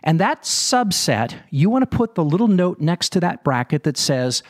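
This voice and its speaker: A man's voice: fairly high pitch, very animated, normal speed, few pauses. A man giving a motivational talk, asking rhetorical questions and speaking straight to his listeners. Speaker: self-help speaker.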